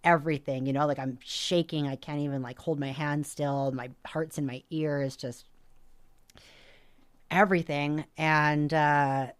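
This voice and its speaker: A young adult woman from Canada, a podcast guest telling a story in a casual, animated way, with plenty of swearing and filler words. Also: low-pitched, measured pace, clear, resonant tone.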